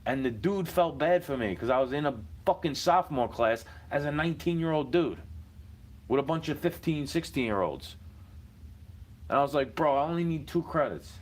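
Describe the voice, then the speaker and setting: A man's voice: a little high, expressive, moderate pace. A man, rambling in a profane casual monologue full of street slang.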